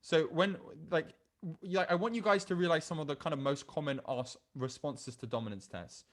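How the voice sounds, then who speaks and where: A man's voice: on the high side, normal speed, hardly any pauses. A young man, a dating coach, reading out dating app messages in a casual, rambling way with many restarts. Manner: reads dating app chats aloud, laughs, many restarts.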